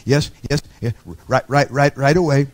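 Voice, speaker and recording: A man's voice: mid-range voice, fairly even intonation, normal speed, natural voice. A man playing a frightened king who stammers and trembles. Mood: terrified. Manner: stammering, nervous.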